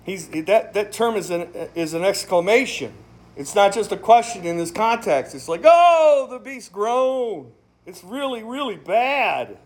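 Casting: pastor with a high male voice, relaxed and folksy, emphatic, breaks into laughs. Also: normal speed. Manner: emphatic, conversational, laughs often. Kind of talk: casual sermon, Bible study.

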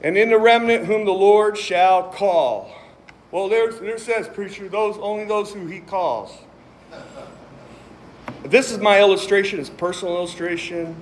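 Here a man with a high voice preaches at a slightly slow pace. Animated and funny, he reads scripture aloud emphatically and tells jokes between passages.

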